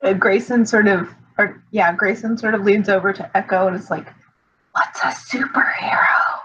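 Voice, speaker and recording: A woman playing a tabletop game, describing her character in a quiet, understated way. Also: medium pitch, steady tone, a little fast, husky, muffled recording. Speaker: player. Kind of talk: tabletop role-play chat.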